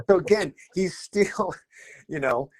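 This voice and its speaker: A middle-aged man, a rock guitarist guesting on a podcast, telling animated anecdotes and acting out quotes. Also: a little high, takes it slowly. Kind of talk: casual storytelling interview.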